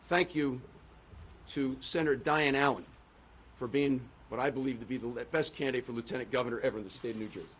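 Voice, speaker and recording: Bright-voiced man giving a rhetorical speech. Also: medium pitch, quick pace, a little hiss or hum. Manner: rhetorical, repeats phrases for emphasis. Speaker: political candidate. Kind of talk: concession speech and press questions.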